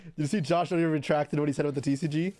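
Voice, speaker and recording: A man's voice: on the high side, fairly even intonation, racing, darkish tone, dry recording. A young man chatting casually on a live stream, answering his chat aloud while opening card packs, with offhand swearing. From Canada.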